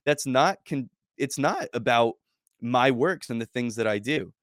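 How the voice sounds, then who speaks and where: An earnest man co-hosting a casual faith podcast. He talks emphatically and stumbles over repeated words as he starts his points. His voice is bright and forceful, recorded close and dry. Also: medium pitch, expressive, measured pace, no room sound.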